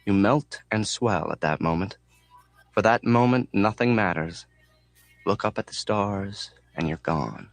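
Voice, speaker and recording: Low-voiced man narrating an audiobook. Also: a little slow, gravelly, no echo, faint music behind.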